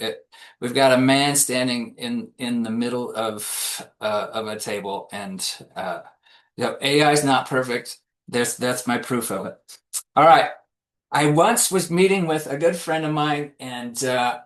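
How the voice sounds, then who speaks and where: A man's voice: mid-range voice, a bit bright. Guy giving a webinar talk, chatty, restarts a lot, acts out little quotes. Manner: casual, with frequent restarts and acted-out quotes. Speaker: compensation consultant presenting a webinar. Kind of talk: conversational webinar presentation.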